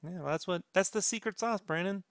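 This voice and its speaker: A man's voice: high-pitched, brisk, fairly bright tone, dry recording, studio quality. A man hosting a podcast in casual chat, teasing his co-host with sarcastic banter.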